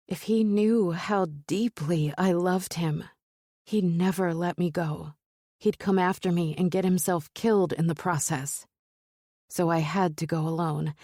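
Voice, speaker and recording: A woman narrating a romance novel in first person, in a measured, steady storytelling manner. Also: lowish voice, dry recording, clean studio sound. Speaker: audiobook narrator.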